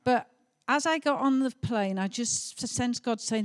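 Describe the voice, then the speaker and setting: A woman's voice: fairly high pitch, unhurried. A middle-aged woman telling a heartfelt testimony story during a sermon, with some hesitations. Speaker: pastor's wife.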